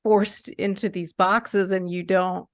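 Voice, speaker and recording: A woman's voice: medium pitch, flat delivery, slow, dry recording, clean studio sound. A woman in her thirties chatting casually as a podcast co-host, rambling with lots of filler words. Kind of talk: casual conversational chat.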